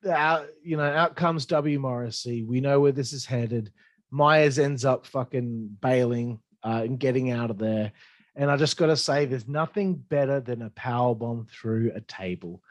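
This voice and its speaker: A man giving a blunt, profanity-heavy solo review of a wrestling show, excitable and opinionated. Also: mid-range voice, no echo. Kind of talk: casual solo review monologue.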